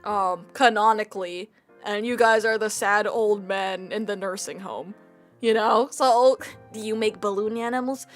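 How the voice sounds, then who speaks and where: A woman's voice: medium pitch, steady tone, a little slow, soft background music. A young woman streaming, chatting casually in a playful, rambling, self-mocking way. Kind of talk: casual live-stream chat.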